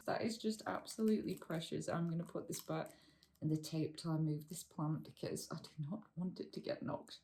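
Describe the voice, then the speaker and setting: Casting note: woman vlog host, slightly low voice, close-mic, gushing, excitable, fumbles names. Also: moderate pace. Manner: gushing, excitable, stumbles over plant names. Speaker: plant channel host. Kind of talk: casual unboxing vlog. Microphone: close to the microphone.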